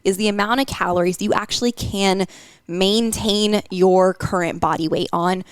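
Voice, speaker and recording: A woman's voice: mid-range voice, steady tone, normal speed, clean tone, no room sound, studio quality. A woman hosting a podcast as a nutrition coach, talking casually with many fillers. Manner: chatty, lots of fillers.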